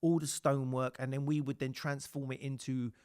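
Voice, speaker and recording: Swearing man, lively storyteller. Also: mid-range voice, fairly quick, clear, resonant tone, no room sound, clean studio sound. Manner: swears freely, animated storytelling with acted quotes. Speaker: podcast host. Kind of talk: casual storytelling chat.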